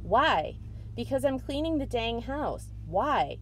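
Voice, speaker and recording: A woman's voice: on the high side, very animated, takes it slowly, a bit bright, slight background noise, pitched above the performer's own voice, heavily acted, poor audio. A woman reading aloud the voice of an upset sixth-grade boy pleading with his father, in a storybook reading. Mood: exasperated. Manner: pleading, outraged.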